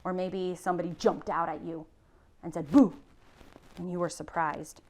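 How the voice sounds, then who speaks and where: A woman teacher giving a recorded class lesson, slowly sounding out spelling rules in a patient, encouraging way. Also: lowish voice, flat delivery. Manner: slow, patient, sounding out words.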